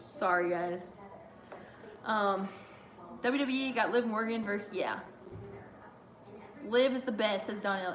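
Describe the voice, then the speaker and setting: A woman's voice: on the high side, a bit bright. A young woman hosting a casual live watch-along stream, chatty and giggly as she reads viewer chat aloud. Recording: roomy echo.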